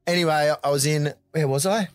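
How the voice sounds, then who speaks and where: A man's voice: a little high, a little fast, dry recording. An Australian man telling a story as an interview guest in a casual, rambling way, laughing often and swearing freely.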